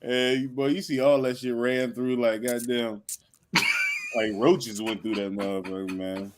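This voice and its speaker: A man hosts a podcast, joking with friends in loose, slangy banter. His pitch swings widely as he tells stories. There is steady noise and clicking in the recording. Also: a little slow. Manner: laid-back, slangy, animated storytelling. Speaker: podcast host. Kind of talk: casual banter.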